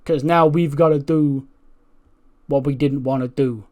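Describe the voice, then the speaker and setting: A man's voice: fairly high pitch, fairly even intonation, measured pace, a little mellow, lightly acted. A man voicing a brash male wrestling manager who scolds and goads in swaggering trash talk. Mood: scolding.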